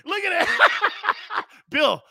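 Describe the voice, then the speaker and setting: Excitable high-voiced male sports talk host. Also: drawn-out words, gravelly, no room sound, studio quality. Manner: excitable, laughs loudly, repeats himself. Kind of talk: casual chat.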